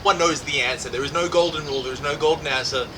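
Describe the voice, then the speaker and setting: A man's voice: on the high side, fast, far from the mic, noisy background. A man co-hosting a casual chat, reflectively explaining his view with many fillers. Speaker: co-host.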